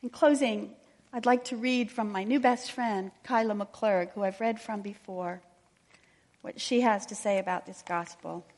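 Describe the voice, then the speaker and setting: A woman preaching a sermon, telling a personal story in an earnest, quiet and intimate way. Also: medium pitch, fairly even intonation, measured pace. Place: church. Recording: long church reverb.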